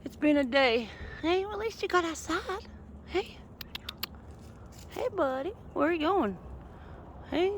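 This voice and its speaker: A woman's voice: very high voice, expressive, unhurried, pauses often. A woman outdoors on a street, coaxing her pet along with affectionate, laughing casual talk. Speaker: vlogger walking her cat on a leash. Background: faint street and traffic noise.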